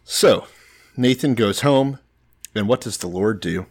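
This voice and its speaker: A man's voice: lowish voice, unhurried. A man in casual conversation, reading a story aloud and mocking it with crude, sarcastic asides. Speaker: podcast co-host. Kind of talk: casual irreverent chat.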